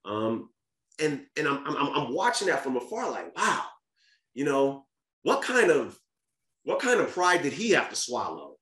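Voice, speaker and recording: Speaking a little slowly in a somewhat high, slightly bright voice with wildly swooping pitch, a podcast guest recounts a frank family story. He's casual yet earnest, restarting and repeating himself often, and the recording echoes roomily.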